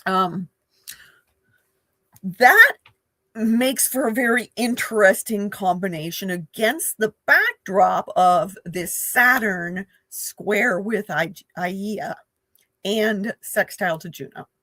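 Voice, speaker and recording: A woman's voice: mid-range voice, slow, bright, forceful tone, no echo. A woman astrologer giving a casual spoken forecast, chatty and full of fillers, often laughing and acting out playful quoted voices.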